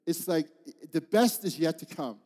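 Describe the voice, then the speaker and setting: A man's voice: on the high side, expressive, moderate pace, warm tone, in a large hall. A man in his fifties preaching a heartfelt sermon in church, telling stories and calling out to the congregation. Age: 50s. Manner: heartfelt storytelling with call-outs to the congregation. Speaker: pastor.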